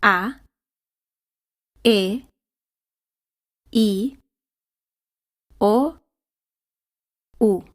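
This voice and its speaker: A woman says single words one at a time as clear pronunciation examples. She takes her time, shaping each sound deliberately. The recording is dry and close. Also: mid-range voice, no room sound. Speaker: pronunciation model speaker.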